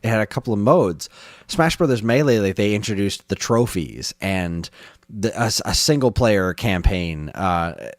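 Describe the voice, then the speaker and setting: A fairly low-voiced man co-hosts a gaming podcast in loose, casual chat. He is enthusiastic and rambling, and laughs often. His voice is close and dry on a studio mic. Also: expressive, normal speed, no room sound. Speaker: podcast co-host.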